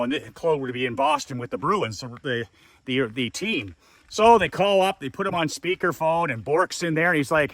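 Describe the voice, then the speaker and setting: Emphatic man with a bright, forceful voice. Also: a little high, animated, normal speed, no echo. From Canada. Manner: emphatic, repeats words for effect. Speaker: business coach telling a story. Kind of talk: casual storytelling.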